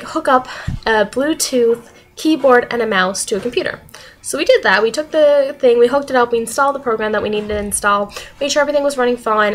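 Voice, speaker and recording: Young woman vlogger, high bright voice, animated and giggly storytelling. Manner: animated, laughing often, acting out quoted voices. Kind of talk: casual storytelling vlog.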